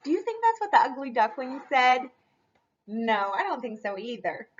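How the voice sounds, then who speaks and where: Cheerful woman teacher reading a storybook to kids, encouraging and animated; lo-fi. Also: high voice, moderate pace. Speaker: school curriculum specialist. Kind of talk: read-aloud lesson for children.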